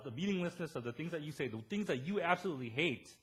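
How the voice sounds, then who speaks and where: A man in his thirties preaching a sermon as pastor, animated and storytelling, quoting the people he talks about. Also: on the high side, a little fast, slightly rough.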